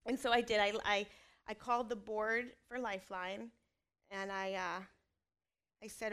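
A mother in her thirties gives a candid, earnest personal testimony about her faith and family, adding self-deprecating asides. Her medium-pitched voice is clear, resonant, and fairly bright, with fairly even intonation. She speaks a little slowly and pauses often.

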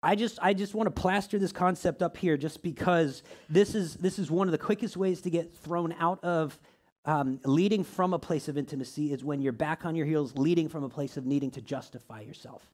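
Guy preaching to a small group, chatty, lots of rhetorical questions, fairly high voice. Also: brisk. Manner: conversational, asks many rhetorical questions; reads scripture aloud, shifts pitch and loudness often. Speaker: pastor or teacher.

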